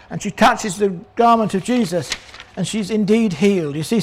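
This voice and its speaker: An older man preaching a sermon, animated, acting out the voices of people in the story. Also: sits high. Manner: animated, acts out voices of crowd and characters.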